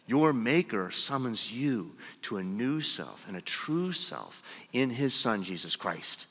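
Guy preaching a sermon, bright clear voice, big echoey church sound, slows way down to hit the main points. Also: mid-range voice, sing-song. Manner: emphatic, slows for key phrases. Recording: long hall reverb.

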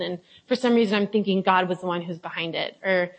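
A woman's voice: on the low side, fast talker, vocal fry, lo-fi sound. A young adult woman giving a casual devotional talk, reading scripture and then chatting confessionally, with many fillers and acted-out quotes. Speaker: Bible study leader.

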